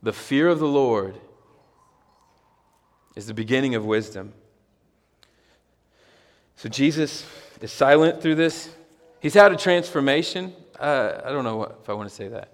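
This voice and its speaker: A man preaching a sermon in a mid-pitched voice, with a long hall reverb trailing each phrase. He talks in a loose, conversational way, then builds to emphatic, repeated cries. Only his voice is heard. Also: animated, measured pace, long pauses. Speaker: pastor. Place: church hall with a congregation.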